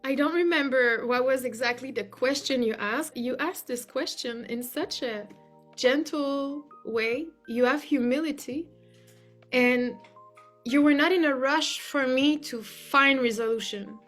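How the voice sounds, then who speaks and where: A woman's voice: high voice, unhurried, a bit bright, faint music behind. A woman giving an earnest, effusive testimonial as a client, often using "like" as a filler. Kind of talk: heartfelt spoken testimonial.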